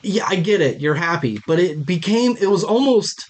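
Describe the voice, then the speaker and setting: A man's voice: high voice, lively intonation, moderate pace. A young man co-hosting a podcast, giving blunt, wry opinions and movie recaps in casual chat. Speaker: podcast co-host.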